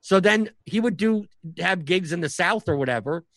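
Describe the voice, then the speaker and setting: A man with a slightly high voice tells stories in a loose, rambling way, full of false starts and fillers. The sound is dry and close, with no room behind it. He keeps a casual, talkative pace. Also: animated, a bit bright, no room sound. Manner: rambling, fast, many restarts and filler words. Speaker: stand-up comic and professional poker player. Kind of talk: casual podcast conversation.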